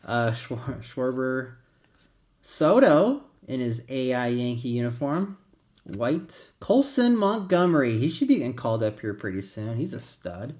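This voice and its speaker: A man's voice: medium pitch, sing-song, measured pace, a little mellow. A man casually talking through a pack opening, rambling and calling out names as he flips through cards. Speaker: card collector vlogger.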